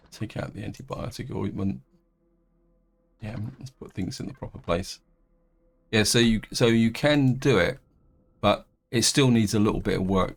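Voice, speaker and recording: Man, lowish voice, casual let's-play host, talks in loose rambling asides. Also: gravelly. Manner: rambling, many restarts and fillers. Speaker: gaming video host.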